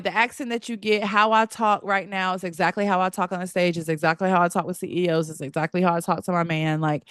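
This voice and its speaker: A woman's voice: mid-range voice, smooth, no room sound, clean studio sound. Chatty Southern woman hosting a podcast. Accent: Southern US (North Carolina). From North Carolina. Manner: animated, chatty, laughs often, heavy use of "like" and "baby". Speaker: podcast host. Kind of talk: casual solo podcast talk. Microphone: podcast mic.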